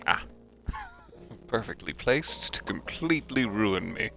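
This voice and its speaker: A man's voice: fairly low pitch, huge pitch swings, slow pace, creaky, bright, forceful tone, faint music behind. A man streaming a puzzle game live, commenting playfully and melodramatically to himself. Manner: playful, melodramatic, talks to objects.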